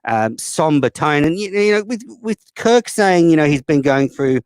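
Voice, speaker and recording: A man's voice: a little high, animated, normal speed, a little mellow, smooth, no room sound. Blunt, profane male call-in host. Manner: blunt, profane, rambling with fillers. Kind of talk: casual call-in chat.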